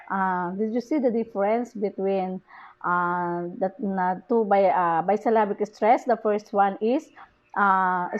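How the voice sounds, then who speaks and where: A woman reads a lesson aloud slowly and haltingly, restarting words as she goes. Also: fairly high pitch, a little mellow, highs cut off. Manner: slow, halting delivery with restarts.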